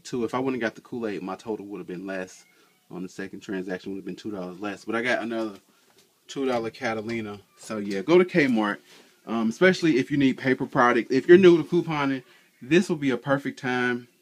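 Man, casual vlogger, chatty, colloquial, animated storytelling, mid-pitched voice. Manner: animated, acts out both sides of an argument; colloquial, chatty, frequent "you know". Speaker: couponing vlogger.

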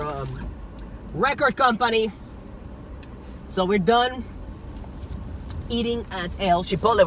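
A man talks through a casual vlog with an excitable, rambling delivery full of ums and restarts. His voice sits a touch high for a man. Faint outdoor noise hums behind him. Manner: excitable, rambling with many fillers. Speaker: vlogger. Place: outdoors and in a car around shops.

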